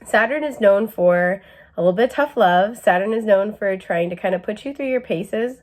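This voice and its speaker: A woman's voice: medium pitch, normal speed. A young woman giving a casual tarot and astrology reading, chatty with lots of fillers and an occasional cough. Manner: chatty, many fillers, asides to camera. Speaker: tarot reader.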